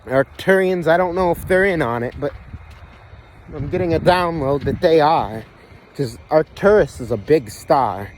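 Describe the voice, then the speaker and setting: A man with a somewhat high voice delivers a rambling, swear-filled monologue, circling back and restarting his sentences. He records himself outdoors on a phone, with faint traffic noise underneath. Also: animated, unhurried. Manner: rambling, profane, repetitive restarts. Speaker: vlogger. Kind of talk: conspiracy monologue.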